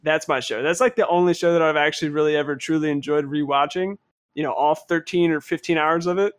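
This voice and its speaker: A man's voice: fairly high pitch, steady tone, fast talker. Easygoing man chatting on a podcast. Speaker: podcast host. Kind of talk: casual chat.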